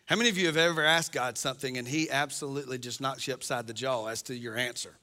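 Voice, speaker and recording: A man's voice: mid-range voice, fast, sharp tone. A middle-aged man preaching a sermon as pastor, impassioned and acting out the voices he quotes.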